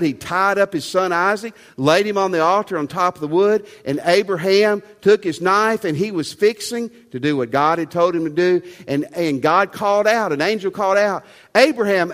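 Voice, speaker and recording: A pastor preaches in a slightly high voice, pressing each point home with rhetorical questions. The sound rings with the long reverb of a big sanctuary. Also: male voice, fairly bright tone. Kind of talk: sermon.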